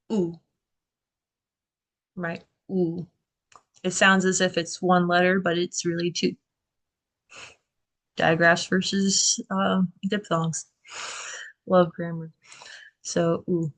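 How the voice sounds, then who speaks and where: A woman's voice: fairly low pitch, fairly bright tone. A woman teaching a language class in a classroom, explaining letters and sounds and often checking in with "okay" and "right?". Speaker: Greek language instructor. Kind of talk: classroom lecture.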